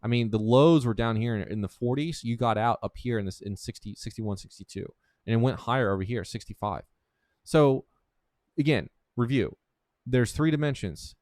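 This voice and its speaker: A man's voice: mid-range voice, normal speed, a little mellow, no echo. Blunt, profane man coaching trading. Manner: blunt, profane, keeps saying "dude" and "right?"; restarts and repeats words often. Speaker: trading instructor. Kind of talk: casual screen-share tutorial.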